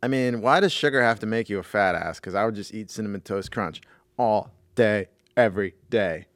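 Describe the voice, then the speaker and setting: A man co-hosting a podcast in casual chat, laughing often and breaking into loud impressions. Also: lowish voice, brisk, no echo, studio quality. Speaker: podcast co-host.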